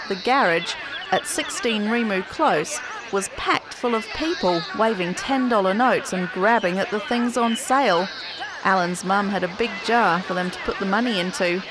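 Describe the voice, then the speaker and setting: A woman reading a children's story aloud for a classroom podcast, in an expressive, clearly paced storytelling manner. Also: mid-range voice. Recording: noticeable background noise.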